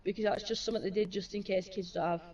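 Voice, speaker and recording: Mum chatting, heard from afar. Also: female voice, mid-range voice, steady tone, fast talker, darkish tone, far from the mic, highs cut off. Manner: chatty, swears freely, acts out quoted exchanges. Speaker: mother. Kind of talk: casual chat.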